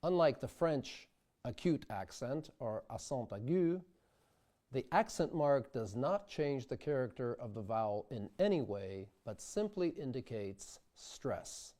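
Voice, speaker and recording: A man teaching sung diction, speaking slowly and carefully and demonstrating vowel sounds aloud. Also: mid-range voice, big pitch swings, warm tone. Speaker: diction instructor. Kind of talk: instructional video lesson.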